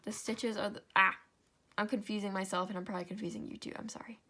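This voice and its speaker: A woman's voice: medium pitch, flat delivery, fast, bright, forceful tone. Young woman, sleepy, casual craft tutorial, self-correcting, apologetic. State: sleepy, yawning.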